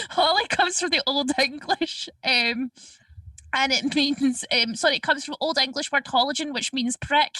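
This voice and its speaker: Giggly high-voiced woman. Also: moderate pace, bright, forceful tone, dry recording. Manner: giggly, breaks into laughter often. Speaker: podcast co-host. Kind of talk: casual chat. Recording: dry distant mic.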